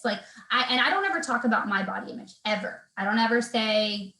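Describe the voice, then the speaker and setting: A woman's voice: a little high, expressive, fast, sharp tone, roomy sound, poor audio. A woman in her thirties, a personal trainer talking as a guest in an earnest, faith-filled way, with plenty of fillers and restarts. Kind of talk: casual video interview chat.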